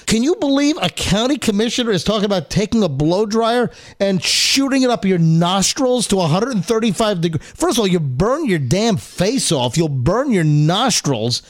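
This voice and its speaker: High-voiced ranting male radio host. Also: sing-song, moderate pace, hardly any pauses. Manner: exasperated ranting. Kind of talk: morning radio talk.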